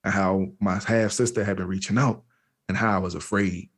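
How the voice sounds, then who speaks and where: A man's voice: low voice, steady tone, moderate pace, husky. A man from the Washington, D.C. area, speaking candidly and slangily as an interview guest, with frequent restarts. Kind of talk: candid personal storytelling.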